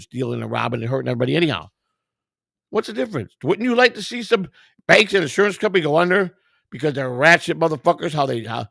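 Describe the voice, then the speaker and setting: A man's voice: mid-range voice, creaky, a bit bright, no echo, clean studio sound. A tired man hosting a live stream, reading viewer comments and firing back at them in a combative, profane way. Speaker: livestream host.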